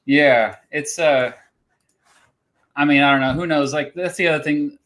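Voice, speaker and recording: A man's voice: a little high, fairly even intonation, a little slow, a bit bright. A man hosting a casual livestream chat, talking in a chatty, hesitant way and laughing often. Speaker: host.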